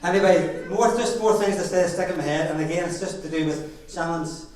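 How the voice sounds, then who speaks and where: Northern Irish dad, very echoey hall. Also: male voice, sits high, a little fast, darkish tone. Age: middle-aged. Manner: jokey storytelling with chuckles. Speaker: father of the bride giving a speech. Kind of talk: wedding speech anecdotes. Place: wedding reception hall. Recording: very echoey hall, far from the mic.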